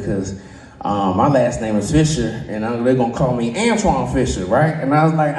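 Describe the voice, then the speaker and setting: A man doing a stand-up comedy set, who often laughs at his own jokes and jumps into high voices for the people he quotes. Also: fast, warm tone, recorded from a distance. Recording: roomy sound from away from the mic.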